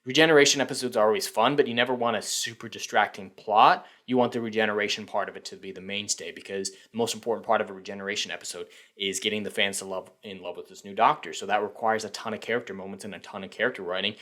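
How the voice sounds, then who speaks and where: A man's voice: on the low side, steady tone, fast, few pauses, bright, forceful tone. Sarcastic, foul-mouthed man ranting. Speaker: host of a fan news channel. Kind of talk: opinionated news commentary.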